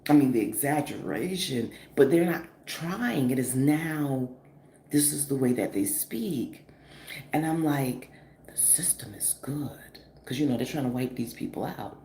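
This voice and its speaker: A woman in her forties from the northeastern US telling a story in a casual, animated, profane vlog style, full of fillers. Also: a bass voice, measured pace. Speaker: vlogger. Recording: echoey room with faint noise.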